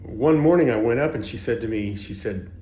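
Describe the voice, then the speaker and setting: A man's voice: mid-range voice, animated, fairly quick, dark tone, echoey room. A man telling a personal story in a rambling way, with many restarts and self-corrections. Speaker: spiritual teacher.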